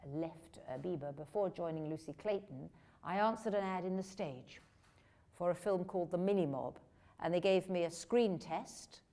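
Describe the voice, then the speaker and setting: An older woman from England, speaking in a slightly low voice, recounts her early career at a Q&A. She is a lively raconteur who pokes fun at herself. Her delivery is relaxed and conversational. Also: normal speed. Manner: self-deprecating, lively raconteur. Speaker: actress guest at a film Q&A. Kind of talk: anecdotal Q&A storytelling.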